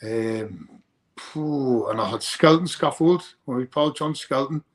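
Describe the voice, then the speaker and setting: A man's voice: medium pitch, slow. A young man, a fighter being interviewed, talking in a rambling way and often repeating his first words. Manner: rambling, repeats words when starting sentences. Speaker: bare-knuckle fighter guest. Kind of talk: casual interview chat.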